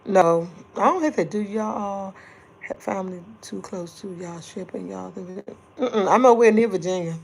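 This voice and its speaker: A woman's voice: mid-range voice, measured pace, creaky, husky. A middle-aged woman, chatting casually and rambling with livestream viewers and laughing often. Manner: speaking softly at times to keep quiet. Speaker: livestream host.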